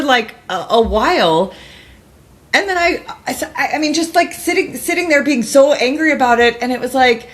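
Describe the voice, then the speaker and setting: A middle-aged woman, a guest author, telling a story in a casual interview, rambling with many restarts and bursting into lively mimicked voices. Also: fairly high pitch.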